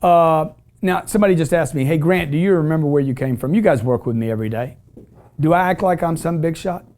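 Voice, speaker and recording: A man's voice: fairly high pitch, quick pace, a little mellow. A middle-aged man hosting a call-in show, preaching about money in a brash, emphatic, repetitive way. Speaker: show host. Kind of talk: motivational call-in show talk.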